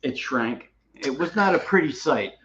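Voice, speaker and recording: A man's voice: mid-range voice, lively intonation, measured pace, fairly bright tone, slight background noise. Rambling, laughing storyteller man, lo-fi sound. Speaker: co-host. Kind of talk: casual chat.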